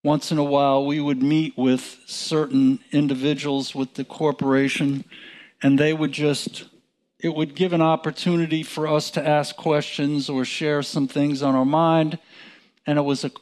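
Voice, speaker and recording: A man teaching from the Bible in a relaxed, conversational way, chuckling and restarting his sentences. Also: on the high side. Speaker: preacher.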